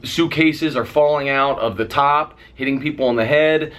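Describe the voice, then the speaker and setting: A man's voice: mid-range voice, normal speed. A young man telling a dramatic story in a casual vlog, swearing freely and mimicking the noises as he goes. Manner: animated, dramatic retelling with sound effects. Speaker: vlogger.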